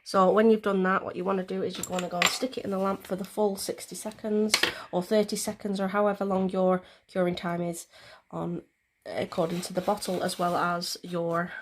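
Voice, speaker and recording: On the low side and set against background noise, a woman's voice explains how to do her nails. This vlogger keeps the tutorial casual, drifting into chatty tangents packed with fillers.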